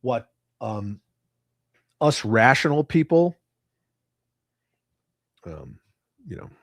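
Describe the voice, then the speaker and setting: A man's voice: mid-range voice, very animated, very slow, vocal fry, dry recording, clean studio sound. Ranting, profane streamer man. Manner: profane, ranting, reads chat aloud. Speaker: livestream host. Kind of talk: casual livestream chat.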